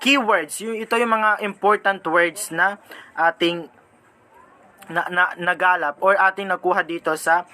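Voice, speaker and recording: A young man with a Filipino accent explains a lesson in a high, bright voice. He talks like a student giving an informal classroom report. His delivery is halting, full of pauses and restarts, and he switches languages mid-thought. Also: fairly even intonation. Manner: halting, searching for words, switching mid-sentence between languages.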